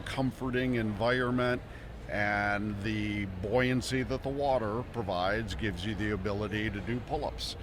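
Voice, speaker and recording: A man at a trade show, calmly explaining his fitness product to an interviewer in a steady, explanatory way. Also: fairly low pitch, background noise. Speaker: inventor of fitness equipment. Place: busy home show floor indoors. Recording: crowded trade show floor. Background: crowd chatter.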